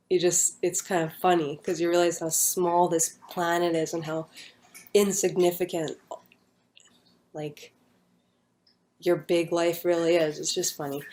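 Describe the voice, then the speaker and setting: A young woman casually recounting a personal near-death story, rambling with many fillers and an earnest, hushed manner. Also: lowish voice, level tone, a little slow, long pauses.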